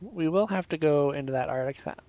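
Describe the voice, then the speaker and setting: A man's voice: on the high side, fairly quick, darkish tone, muffled recording. A man casually commenting on his gameplay, playful and a bit sleepy, chatting to his viewers and the creatures on screen. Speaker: streamer.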